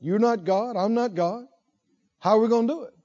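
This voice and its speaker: A man's voice: high voice, moderate pace, warm tone, lo-fi sound. A man preaching a sermon, asking rhetorical questions and repeating lines for emphasis. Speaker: pastor.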